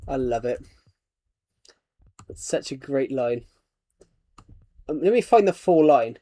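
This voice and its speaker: A man's voice: mid-range voice, lively intonation, slow, long pauses, warm tone, no echo. A man chatting casually while streaming a game, rambling and chuckling at his own jokes. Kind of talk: casual gameplay chat.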